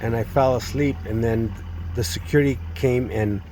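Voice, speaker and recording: Man giving a halting, earnest testimony. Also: medium pitch, steady tone, background noise. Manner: halting, with frequent restarts and repeated words; earnest and distressed. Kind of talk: personal testimony, spoken retelling.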